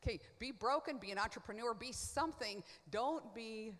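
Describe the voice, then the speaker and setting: A woman guest on a panel, giving an expressive personal testimony in a chatty way, full of quick asides and filler words. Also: on the high side, long reverb tail. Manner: expressive, swings from hushed to loud.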